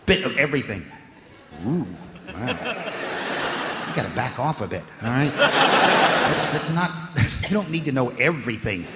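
An American man doing a stand-up comedy set on a club stage, profane and ranting, often rising into loud shouts. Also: medium pitch, very animated, normal speed, long pauses, in a large hall, very noisy. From United States.

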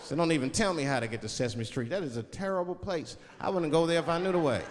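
Lively stand-up comic in a big hall. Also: male voice, fairly high pitch, quick pace. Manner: animated storytelling, acts out voices. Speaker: stand-up comedian. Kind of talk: stand-up routine. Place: large venue with live audience. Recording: live hall reverb, crowd noise.

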